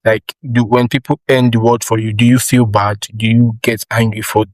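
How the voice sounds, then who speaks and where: Young Nigerian male podcast host; loose, animated, restarts a lot; mid-pitched, dry room. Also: moderate pace, dry recording, poor audio. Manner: rambling, animated questions with frequent restarts. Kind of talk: casual interview chat.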